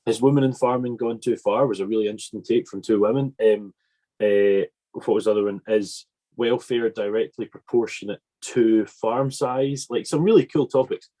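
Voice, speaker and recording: A man's voice: lowish voice, moderate pace, dark tone. A man, hosting a podcast in an enthusiastic, rambling chat. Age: 20s. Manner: enthusiastic and rambling, with many fillers. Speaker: podcast host. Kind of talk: casual chat.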